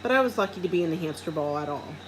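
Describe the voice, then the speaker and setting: Woman reading aloud, children's storybook, expressive, animated pitch, lowish voice. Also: rapid-fire, a little hiss or hum, low-quality recording. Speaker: reader.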